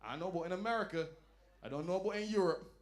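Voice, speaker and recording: A man performing a stand-up comedy set, telling loud, animated stories and dropping into low asides. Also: fast talker. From Barbados. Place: lounge comedy night.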